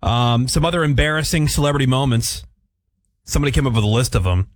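A man's voice: mid-range voice, fast, no room sound. Laid-back male radio host, casual banter. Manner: laid-back, laughing, uses "dude" and "man". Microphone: studio microphone.

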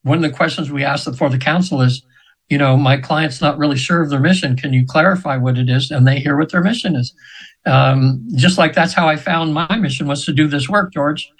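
A man in his seventies, guesting on a radio show, tells a spiritual story. His voice is on the high side and a little fast, and the recording quality is low. He speaks earnestly and meanderingly, often restarting his sentences.

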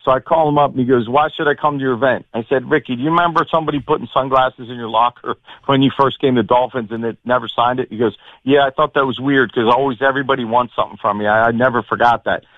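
Male caller, rapid eager storyteller, tinny phone line, mid pitch. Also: steady tone, dry recording. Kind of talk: call-in story.

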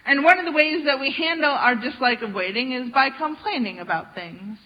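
Woman preaching, conversational, rhetorical questions, slightly high voice, dull recording. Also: expressive, normal speed. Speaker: pastor. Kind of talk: sermon. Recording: dull lo-fi sound.

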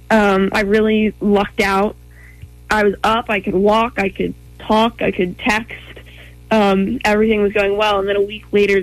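A woman's voice: mid-range voice, dry recording, low-quality recording. Earnest young woman, dry close sound. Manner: earnest, tells it in a rush of short phrases with many ums. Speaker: guest. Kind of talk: personal story in an interview.

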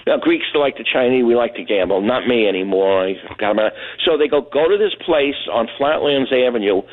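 A man's voice: mid-range voice, animated, brisk. A middle-aged man from Brooklyn calls in to a late-night radio show. His voice comes through a thin, tinny phone line. He rambles through a long anecdote, voicing each person in the story as he goes. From Brooklyn, New York. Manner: rambling, anecdotal, acts out other people's lines. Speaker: caller. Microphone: telephone.

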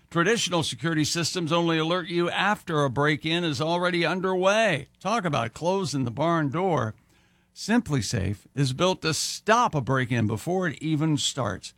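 Man, radio co-host, live ad read, jokey, slightly high voice, dry studio sound. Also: dry recording. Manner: jokey boastful aside in a sales read.

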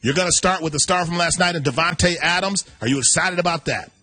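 A man's voice: on the high side, fairly quick, pushed and bright, faint music behind. A man hosting a sports talk show, running a playful trade game with his co-host. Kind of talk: radio sports chat game segment.

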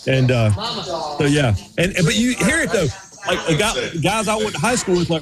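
A Southern-accented man from North Carolina talks loosely on a sports radio show. He rambles and jokes, often restarting his sentences, and his voice sits a bit high. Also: lively intonation, a little fast, over a noisy crowd. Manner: rambling, joking, many restarts. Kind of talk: casual chat.

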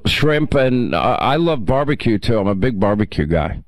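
A man's voice: medium pitch, very animated, moderate pace, no room sound. A man hosting a call-in radio talk show, chatting and reminiscing with callers. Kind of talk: casual call-in chat.

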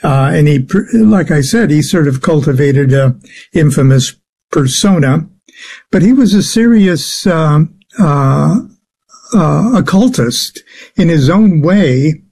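A man with a fairly high voice talks slowly and haltingly as an interview guest. He fills his pauses with many "uh"s and restarts while he explains his subject at length. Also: lively intonation, vocal fry, darkish tone, breathy edge. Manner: slow, halting, many filler sounds. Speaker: guest expert on the occult. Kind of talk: interview answers.

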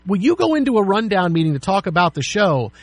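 A middle-aged man co-hosting sports talk radio with a slightly high, husky voice. He tells animated stories and acts out the people in them. The sound is dry and close to the mic. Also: fast, no room sound. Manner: animated storyteller, acts out quotes.

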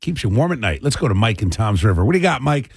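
A man's voice: fairly low pitch, very animated, fast, breathy edge, no room sound. A man hosting a call-in radio talk show, chatting casually and rambling with fillers.

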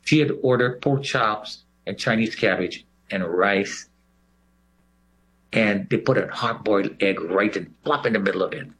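A man recounting a personal experience, telling the story with animation and acting out the voices of others. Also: lowish voice. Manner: animated storyteller who acts out quoted voices. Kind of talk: personal recollection.

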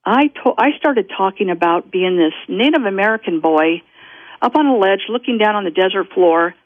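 A woman recounts a personal story down a thin, tinny telephone line. Her speech is dry and close, full of restarts and small laughs. Her pitch sits in an ordinary middle range. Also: expressive, moderate pace, no room sound. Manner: rambling, self-interrupting, laughs often. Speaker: guest.

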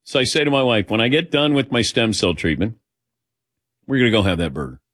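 A man's voice: on the low side, a little fast, no echo. Dry-voiced male talk show host. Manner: animated anecdotes, acting out quoted dialogue. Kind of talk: casual radio show storytelling. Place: radio studio. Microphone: studio microphone.

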